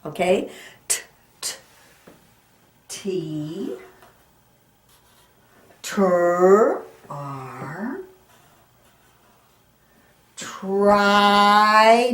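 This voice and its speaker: Slow patient woman teaching phonics. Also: lowish voice, animated. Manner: slow, patient, sounding out letters. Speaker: reading teacher. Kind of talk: children's phonics lesson. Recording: echoey room.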